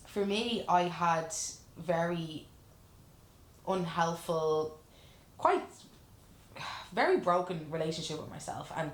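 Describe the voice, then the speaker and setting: Low-voiced woman, roomy echo. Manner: earnest, reflective, frank with casual swearing. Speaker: life coach guest. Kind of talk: candid casual chat. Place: room in a lash salon.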